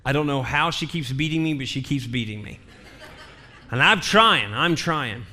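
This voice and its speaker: Bright-voiced man preaching a sermon. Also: medium pitch, lively intonation, normal speed, slight background noise. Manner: emphatic humorous storytelling with repetition. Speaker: pastor. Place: church.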